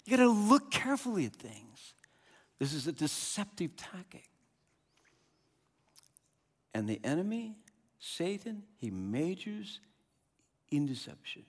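A man preaching a sermon as pastor, animated and conversational, often restarting and repeating words. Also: sits high, measured pace, long pauses, slightly rough. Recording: long hall reverb.

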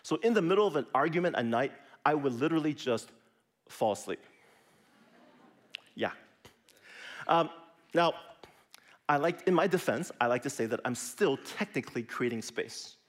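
A middle-aged man preaching a sermon in a conversational way, often dropping to a soft, near-whispered voice for emphasis. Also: fairly high pitch, normal speed, pauses often. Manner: lively, conversational preaching with sudden soft drops. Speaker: pastor.

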